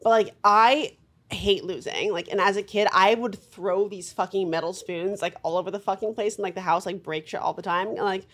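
A woman co-hosting a podcast in casual, animated chat, swearing freely. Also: mid-range voice, moderate pace. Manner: animated, swearing, lively quoted voices. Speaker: podcast co-host.

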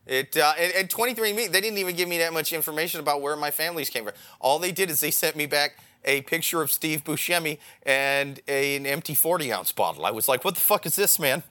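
A man's voice: fairly high pitch, quick pace, few pauses, pushed and bright. A man co-hosting a podcast in casual chat, joking and spinning absurd stories. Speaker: podcast co-host.

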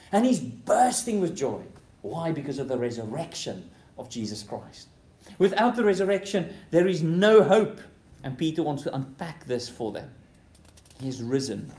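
Man, preacher, sermon, mellow tone, emphatic, repeats key phrases, echoey hall. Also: very animated, normal speed. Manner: emphatic, swinging between loud bursts and quiet lows. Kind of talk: expository sermon. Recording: roomy hall echo.

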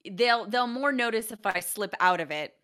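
A young adult woman chatting casually on a stream, lively and quick to laugh. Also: on the high side, clean tone.

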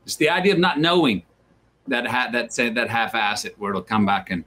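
A man's voice: medium pitch, normal speed, sharp tone. A man, an actor as an interview guest, talking in a drawling, reflective way, repeating words and acting out the voices he quotes. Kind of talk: reflective conversational storytelling.

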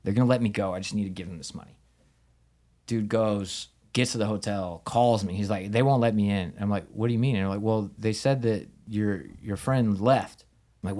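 A man in a relaxed podcast chat spins a story with real animation. He slips into the voices of the people he quotes and swears without a second thought. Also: lowish voice, fairly quick. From United States. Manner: animated, acts out quoted dialogue, swears casually. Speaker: podcast guest, Muay Thai fighter. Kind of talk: casual storytelling in conversation.

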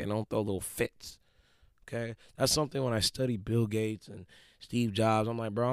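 A man in his twenties giving a casual motivational talk, slangy and animated, acting out quick quoted voices. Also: fairly low pitch, smooth, dry recording, clean studio sound. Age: 20s.

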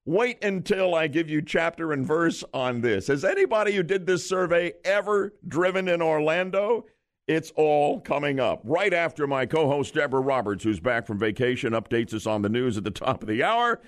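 A male morning radio host running a call-in quiz game with jokey banter. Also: fairly high pitch. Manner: jokey, lively delivery.

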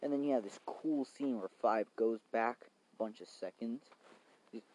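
A man's voice: lowish voice, darkish tone, rough recording. Rambling young man recapping outdoors. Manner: rambling, swears, many fillers. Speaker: vlogger. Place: outdoors in the cold rain.

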